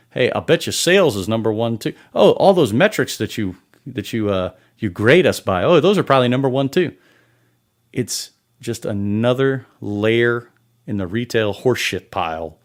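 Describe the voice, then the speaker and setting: Sarcastic swearing man ranting. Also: on the low side. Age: adult. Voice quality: sarcastic, exasperated, heavy swearing. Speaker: podcast host. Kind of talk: profane comedic rant.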